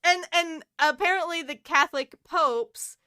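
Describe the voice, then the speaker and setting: A woman's voice: very high voice, a little slow, pushed and bright. A young woman co-hosting a podcast, chatting casually, laughing often and swearing freely. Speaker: podcast co-host. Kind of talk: casual chat.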